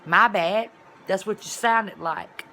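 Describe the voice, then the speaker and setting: A woman chatting straight to her viewers with a bright, forceful voice, spinning a rambling personal story. She talks loosely and conversationally and now and then bursts into loud exclamations. There is a faint noise behind her. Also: medium pitch, slow. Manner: animated, colloquial storytelling with sudden loud exclamations. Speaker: vlogger. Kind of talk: casual storytelling vlog.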